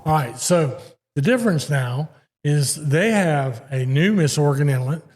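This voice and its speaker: Man, host, former fishing captain, fairly high pitch, conversational storyteller, long reverb. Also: lively intonation, a little slow, darkish tone. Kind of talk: casual interview chat. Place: live show at a fishing center. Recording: long reverb of a large live venue.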